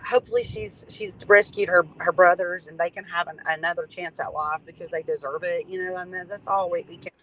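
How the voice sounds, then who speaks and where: A guest from Tennessee with a Tennessee Southern accent, speaking in a hesitant, halting, earnest way in casual chat. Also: medium pitch, steady tone, fairly bright tone, poor audio.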